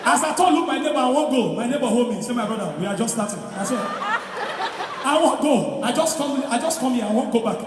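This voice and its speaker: A woman with a Nigerian accent performing live stand-up comedy, animated and shouting punchlines amid her own laughter. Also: sits high, quick pace. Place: large live venue. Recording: echoey hall, distant mic, live crowd. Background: audience noise.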